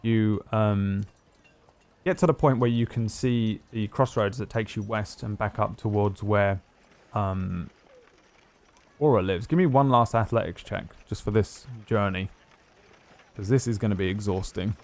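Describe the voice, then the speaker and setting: Low-voiced rambling game master. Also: male voice, measured pace, a little mellow. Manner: loose, rambling, many fillers. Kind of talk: narrating a tabletop game.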